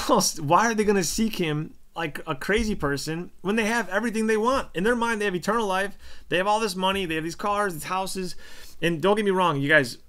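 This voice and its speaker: A man in his thirties speaks in an earnest, rambling way, asking himself questions and filling pauses as he goes. His voice sits a little higher than most men's. The tone stays that of a casual personal monologue. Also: a bit bright. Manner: earnest, rambling, many fillers and self-questions. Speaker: video blogger on faith.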